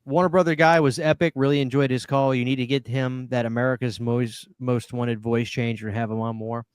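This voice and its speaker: A man's voice: medium pitch, fairly even intonation, a little fast, smooth, no room sound. A man hosting a casual live stream, chatty, reading viewer comments aloud and laughing easily. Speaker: podcast host.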